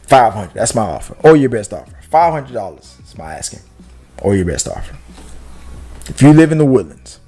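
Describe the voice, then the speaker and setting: A young man chatting loosely as a podcast host, jumping between thoughts and swearing freely. His pitch sits in the middle for a man. Faint music plays underneath. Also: normal speed, husky. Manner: rambling and animated, with profanity and restarts. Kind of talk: casual chat.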